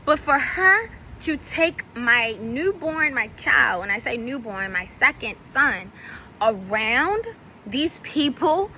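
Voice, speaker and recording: A high, bright-voiced woman tells a personal story straight to her viewers. She talks bluntly and swears freely, with an indignant edge, and a faint hum sits behind her. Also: expressive, slow, rough recording. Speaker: vlogger. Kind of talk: casual storytime rant.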